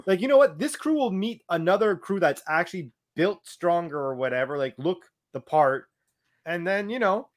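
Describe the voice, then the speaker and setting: A man's voice: high-pitched, animated, normal speed. A man in a casual comic book chat, easygoing and casually swearing.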